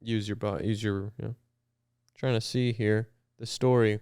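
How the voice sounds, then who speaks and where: Smooth-voiced, teasing male podcast host. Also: on the low side, fairly even intonation, normal speed, a little mellow, dry recording. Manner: dry, teasing, laid-back. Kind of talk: casual chat.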